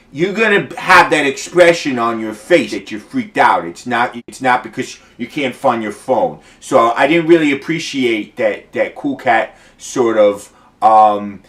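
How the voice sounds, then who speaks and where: A man at home talks through his sketches in a mock-earnest, deadpan ramble, full of ums and restarts. His voice sits at an ordinary middle pitch. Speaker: host of an art commentary video. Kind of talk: mock-earnest comedic commentary.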